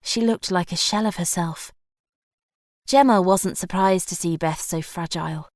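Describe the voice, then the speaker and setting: A woman narrating an audiobook in an even, measured scripted read. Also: fairly low pitch, no echo, studio quality.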